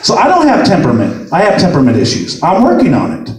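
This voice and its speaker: A male stand-up comedian with a high, lively voice that leaps all over the place as he spins profane stories. He pushes up to shouted punchlines. The sound comes from far off in a very echoey room. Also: quick pace. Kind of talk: stand-up storytelling.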